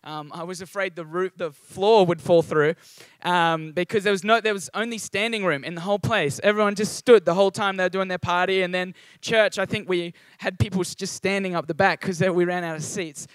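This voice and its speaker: A young Australian man, a guest preacher, gives a chatty, upbeat sermon at a church service, full of ums and asides. His high voice is fairly even in intonation and a little fast, with no echo.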